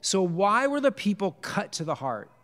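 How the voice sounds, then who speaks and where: A man's voice: high-pitched, sing-song, moderate pace, fairly bright tone, long reverb tail. A man teaching a casual church Bible study, joking with the group and asking it questions. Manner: joking, conversational, quizzes the group. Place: church hall.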